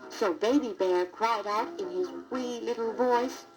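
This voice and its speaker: A woman narrating a children's storybook record in a deliberate, expressive read-aloud manner. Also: a little high, over music, rough recording.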